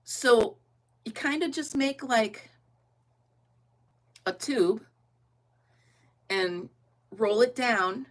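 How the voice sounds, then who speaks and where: A woman's voice: fairly high pitch, very slow, pauses often. Chatty woman crafting on a livestream. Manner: chatty, laughing often, thinking aloud. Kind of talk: casual chat while crafting.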